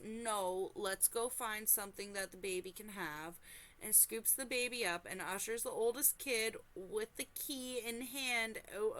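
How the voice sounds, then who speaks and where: A woman hosting a reaction channel, reading a forum story aloud and breaking off into animated, exclaiming, apologetic asides. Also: medium pitch.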